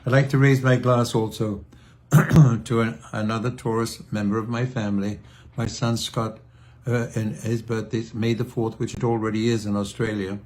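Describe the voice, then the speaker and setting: Older man, low voice, casual video diary, halting, throat clearing, fond storytelling. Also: level tone, a little mellow. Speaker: singer sharing a video message.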